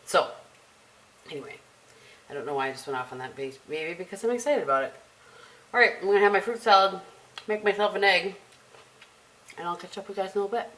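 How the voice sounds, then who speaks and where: With her camera propped on a tissue box, a middle-aged vlogger chats casually at home, wandering through stories and laughing a lot. She speaks fast in a mid-range, slightly bright voice, leaving long pauses.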